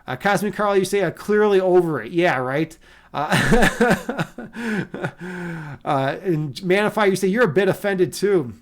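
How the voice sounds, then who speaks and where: A man's voice: high voice, animated, normal speed. A man streaming casually and talking with his chat in a loose, profane, rambling way. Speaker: livestreamer and meditation teacher. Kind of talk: casual livestream chat reading viewer comments.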